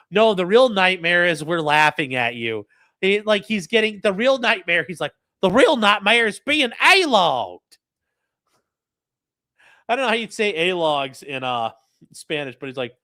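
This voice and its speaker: A man's voice: high voice, fairly bright tone. A man hosting a livestream, reading from a statement and mocking it with profane, sneering commentary. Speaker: livestream host.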